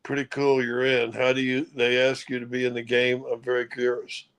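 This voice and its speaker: A man's voice: mid-range voice, completely flat delivery, a little fast, fairly bright tone, smooth. A man co-hosting a casual sports talk show, easygoing and rambling in a playful way. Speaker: co-host. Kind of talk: casual chat.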